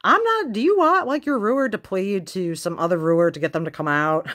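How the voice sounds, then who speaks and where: A woman's voice: fairly low pitch, lively intonation, a little fast, close to an everyday voice. A woman doing a fed-up girl ruler. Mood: exasperated. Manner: fed-up, indignant. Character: exasperated young girl ruler.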